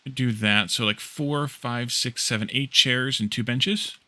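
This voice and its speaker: Unhurried and mid-range in pitch, a man hosts a laid-back building-game stream. He works through his crafting out loud while reading viewer comments and answering them.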